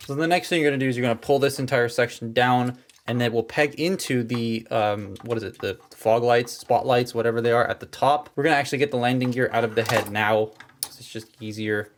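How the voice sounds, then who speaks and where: A man's voice: medium pitch, brisk. A man hosting a casual toy review, chatting his way through each step as he handles the figure.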